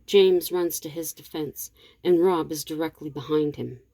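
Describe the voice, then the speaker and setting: A woman narrates a tense story in a steady, measured reading. Her voice is low and dark, and the recording is dry and close. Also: no room sound.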